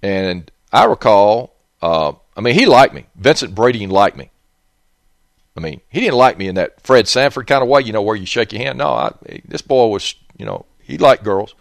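A man's voice: on the low side, very animated, moderate pace, gravelly, dry recording, studio quality. A man with a Southern accent, hosting a rambling monologue in a blunt, profane, digressive way.

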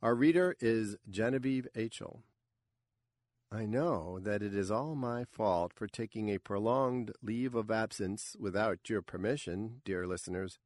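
A man's voice: on the low side, no echo, studio quality. A man hosting a fiction podcast, closing the episode in a wry, self-deprecating way. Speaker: podcast host. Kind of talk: podcast outro.

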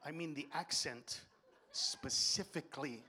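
Loud, crude stand-up comic man. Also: on the high side, lively intonation, normal speed. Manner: crude, loud, jumps into impressions. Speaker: stand-up comedian. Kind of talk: stand-up comedy. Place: comedy stage before a live audience.

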